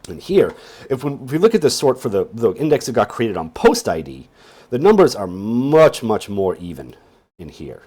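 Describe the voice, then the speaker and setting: A man's voice: mid-range voice, sing-song, normal speed, a little mellow, slightly rough. A sleepy man teaching a casual screen-share tutorial on databases, rambling along with wry joking asides. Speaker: database instructor.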